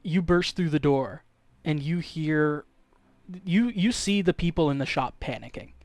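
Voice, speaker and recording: A man's voice: fairly high pitch, measured pace, dry recording. A young man narrating as game master for a tabletop game, in a casual way with many fillers.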